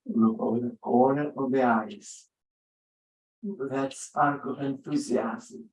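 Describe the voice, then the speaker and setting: A man guides a yoga session in an unhurried, soothing way, leaving long gaps between his short cues. His voice sits in a middle pitch and sounds set back from the microphone, in a roomy space with a clear echo. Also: fairly even intonation, far from the mic. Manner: gentle, unhurried spoken cues with long pauses. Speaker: yoga instructor.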